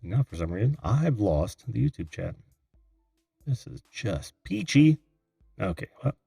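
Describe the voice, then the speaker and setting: Husky, animated middle-aged man hosting. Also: fairly low pitch, measured pace, no room sound, clean studio sound, soft background music. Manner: chatty, easily flustered, frequent laughs. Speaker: host of a live call-in show. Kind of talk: live-stream chat, reading viewer comments.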